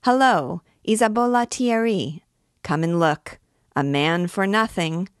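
A woman's voice: lowish voice, lively intonation, takes it slowly, dry recording. A woman voices a rowdy king of beggars in a storybook reading. He bellows and jeers, hawking his prisoner like an auctioneer. The sound is close and dry. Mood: bellowing. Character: boisterous male vagabond king, loud and mocking.

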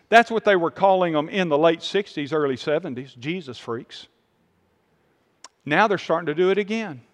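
A man's voice: high voice, fairly bright tone, long reverb tail. A man preaching a sermon with emphatic, rising and falling delivery and repeated phrases.

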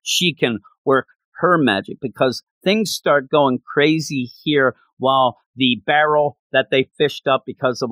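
A man giving a casual recap of an anime episode, telling it with animated, acted-out quotes. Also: medium pitch, no room sound. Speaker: anime reviewer.

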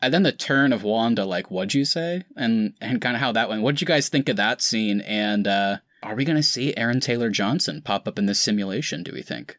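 A man's voice: fairly low pitch, fairly quick, few pauses, fairly bright tone, dry recording, clean studio sound. A man hosting a casual podcast chat, talking loosely with many "kind of" fillers. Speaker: podcast host.

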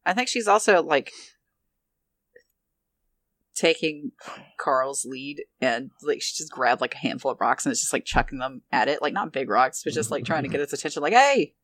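An animated tabletop player laughs often and swears freely while describing what their character does. The tone is bright and sharp. The sound is close and dry, with no room around it. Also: medium pitch, moderate pace, dry recording. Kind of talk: casual tabletop play.

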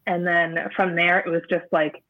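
A woman, an interview guest, recounting a personal experience in a halting way, often restarting as she searches for words. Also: lowish voice, level tone. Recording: narrow phone-like sound.

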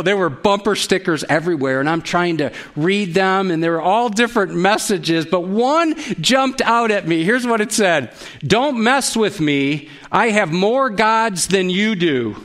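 A man preaching a sermon as pastor, telling stories with energy and putting direct questions to his listeners. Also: on the high side. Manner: animated storytelling, asks the audience direct questions.

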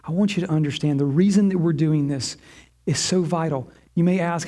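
A man's voice: a little high, fairly quick, dark tone. A man preaching a sermon to his church, impassioned and given to repeating phrases in a chanting rhythm. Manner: impassioned, repetitive chanting cadence. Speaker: pastor.

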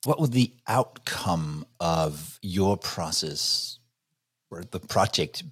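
A man's voice: low voice, expressive, slow pace, fairly bright tone, slightly rough, no echo, clean studio sound. A man interviewing a guest in a friendly way, often stumbling and restarting his questions.

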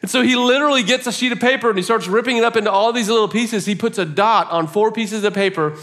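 Higher-voiced man preaching a sermon. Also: fast talker. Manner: animated storytelling, often laughing. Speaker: pastor.

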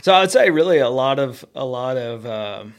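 A man's voice: medium pitch, lively intonation, normal speed, gravelly. A young adult man answering interview questions candidly and with self-deprecating humor. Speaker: guest.

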